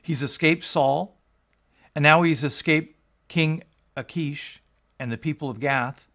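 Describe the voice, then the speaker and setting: A man's voice: on the high side, slow, pushed and bright. A male pastor reading scripture aloud and explaining it, in an earnest teaching tone that rises for emphasis. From United States.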